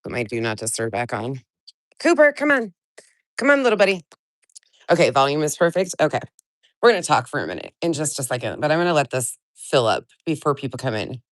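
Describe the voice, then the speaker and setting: A woman hosting a relaxed livestream while sick with a stuffy nose greets her chat by name and vents with blunt, heavy swearing. Her voice is extremely low-pitched yet expressive and quick, in studio-quality audio without echo.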